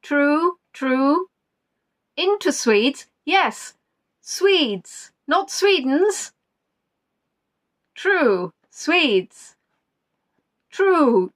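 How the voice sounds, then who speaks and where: A woman's voice: sits high, fairly bright tone. A woman hosting a live-streamed quiz from home, rambling playfully, reading out viewers' answers and making joking asides.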